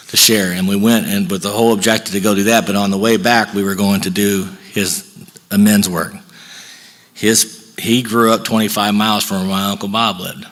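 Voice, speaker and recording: At a recovery workshop, a middle-aged man with a somewhat low but fairly bright voice tells his personal story. His style is folksy, and he acts out both sides of each conversation in quick back-and-forth.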